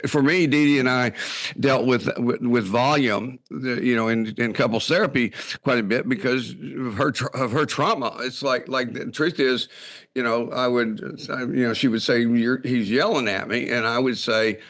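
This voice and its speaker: A man co-hosting a recovery talk show, telling anecdotes in a halting, restarting way. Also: medium pitch, fairly even intonation, fairly bright tone. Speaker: podcast co-host.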